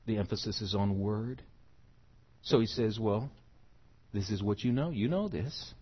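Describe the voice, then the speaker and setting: Male pastor, husky voice, sermon that swells from quiet to loud, muffled recording. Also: lowish voice, measured pace. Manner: builds from quiet teaching to loud emphatic preaching. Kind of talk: expository sermon.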